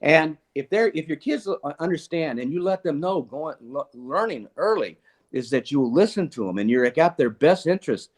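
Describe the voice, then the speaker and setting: Older man with a higher voice, telling earnest anecdotes. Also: normal speed. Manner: earnest, animated, laughs often, restarts sentences. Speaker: guest speaker, retired police chief. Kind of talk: casual conversational storytelling.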